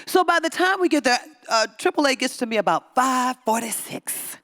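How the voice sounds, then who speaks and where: A woman's voice: moderate pace, vocal fry. A woman giving a Sunday talk at a spiritual center, telling a story and acting out the voices of the people in it. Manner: animated storytelling, acting out voices with big pitch swings. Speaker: guest speaker.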